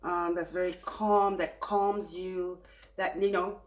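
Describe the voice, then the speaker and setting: A woman giving a casual tarot reading, speaking softly and soothingly and turning animated when she gets excited. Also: lowish voice, takes it slowly. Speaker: tarot reader.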